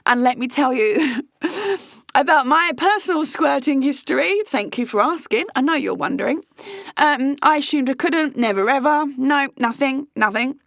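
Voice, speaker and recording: Frank, chatty woman, higher voice. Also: expressive, normal speed, creaky, fairly bright tone, dry recording, studio quality. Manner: frank and chatty, swears freely. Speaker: host. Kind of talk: candid casual chat.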